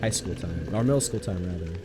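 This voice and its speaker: A man's voice: sits low, quick pace. A man streaming a video game, rambling in casual commentary with sudden yelps. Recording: noisy stream recording.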